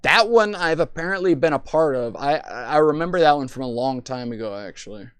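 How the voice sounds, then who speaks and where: Young guy streamer, smooth clean voice, kinda high, dry close mic, rambling jokey chat. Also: animated, a little fast, a bit bright, dry recording. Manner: playful, teasing, rambling. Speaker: streamer host. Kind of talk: casual voice chat banter.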